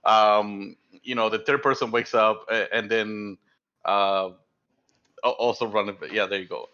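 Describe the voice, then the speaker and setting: A young man runs a tabletop game in a bright, forward voice, rambling and hesitant, full of fillers and quick restarts. The sound is dull and lo-fi. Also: fairly low pitch, fairly even intonation. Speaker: dungeon master.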